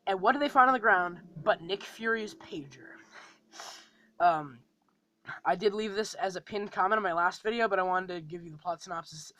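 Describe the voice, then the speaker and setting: A man's voice: high voice, a bit bright, poor audio. A man casually running through a fan series plot and casting call, rambling with frequent ums and restarts.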